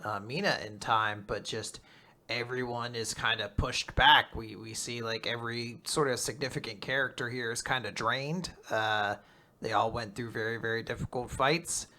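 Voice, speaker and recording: A man's voice: medium pitch, normal speed, sharp tone. A man co-hosting a casual manga discussion, thoughtful and a little hesitant as he talks. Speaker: podcast co-host.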